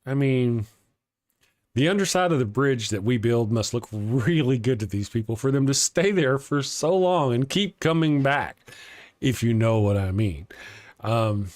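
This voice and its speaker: A man's voice: mid-range voice, lively intonation, a little slow, a little mellow, dry recording. A man with a Texas accent hosting a casual atheist morning livestream. He rambles, chuckles often and restarts his sentences while reading viewer comments.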